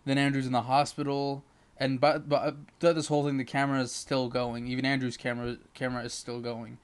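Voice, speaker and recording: A man's voice: mid-range voice, level tone, fast, clean tone. A man giving a casual spoken movie review, rambling through the plot with lots of fillers. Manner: rambling retelling full of fillers.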